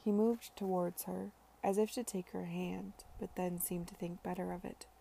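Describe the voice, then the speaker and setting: Female audiobook host, mellow, fry in the voice, steady storytelling. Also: fairly low pitch, moderate pace, a little hiss or hum. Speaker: podcast reader. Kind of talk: reading a novel aloud.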